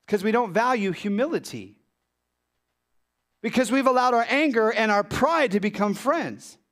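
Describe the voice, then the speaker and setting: Delivering a sermon at a normal pace, a male pastor is lively and animated. He poses rhetorical questions and abruptly sinks to low, hushed tones to stress his points.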